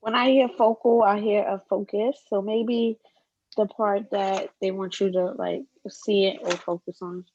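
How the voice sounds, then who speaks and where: A woman student offers a tentative answer in class, thinking aloud. Her voice stays flat in pitch, and the sound is dull and lo-fi, caught from away from the microphone. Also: measured pace, no echo.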